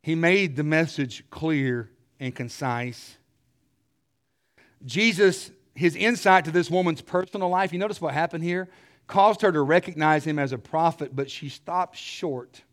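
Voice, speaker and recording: A middle-aged man preaching a sermon, telling stories with animated energy and clearing his throat often. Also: fairly high pitch, measured pace.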